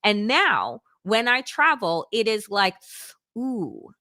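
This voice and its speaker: A woman's voice: mid-range voice, very animated, slow, sharp tone, dry recording, clean studio sound. A woman hosting a political talk show, speaking bluntly and emphatically, with some profanity. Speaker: host. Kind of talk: political commentary chat.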